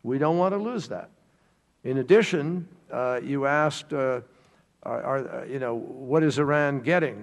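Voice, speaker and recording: A government official testifying at a committee hearing, answering in a measured way with fillers and restarts. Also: male voice, a little high. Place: congressional hearing room. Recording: long reverb of a hearing room.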